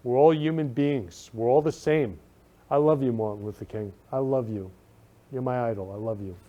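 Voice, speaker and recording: A man's voice: medium pitch, normal speed, warm tone, lo-fi sound. A man hosting his talk show from his room, speaking effusively and repeating loving phrases with emphatic stress. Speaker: show host. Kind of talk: casual talk show monologue.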